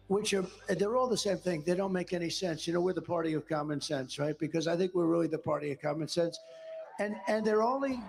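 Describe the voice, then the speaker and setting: A man's voice: high-pitched, vocal fry. A man as an interview guest, speaking about politics in an emphatic, repetitive, rambling way. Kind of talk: interview conversation.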